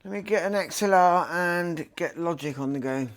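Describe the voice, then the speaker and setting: A man's voice: on the high side, moderate pace, a little hiss or hum. A man chatting casually as he repairs a microphone at his workbench, repeating short test phrases over and over. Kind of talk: casual talk while working and testing.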